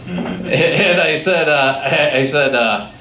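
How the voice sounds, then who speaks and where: A man doing a stand-up comedy set, telling a story with lively acted-out dialogue. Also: fairly high pitch, takes it slowly. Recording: echoey room with faint ambient noise.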